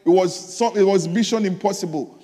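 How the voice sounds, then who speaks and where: A man's voice: high-pitched, brisk, dark tone, big-room sound. A man preaching a sermon, telling a story and exhorting his listeners with repeated phrases.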